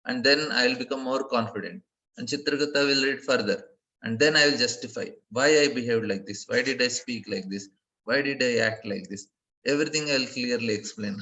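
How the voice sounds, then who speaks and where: A man giving a devotional class lecture, earnest, often repeating phrases and laughing softly between points. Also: medium pitch, low-quality recording. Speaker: speaker giving a scripture class.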